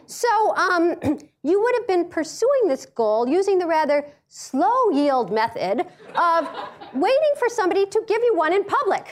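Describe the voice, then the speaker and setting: Lively, animated woman storyteller. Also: extremely high pitch. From United States. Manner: animated, acts out voices, laughs often. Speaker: speaker giving a talk. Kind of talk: comic storytelling talk.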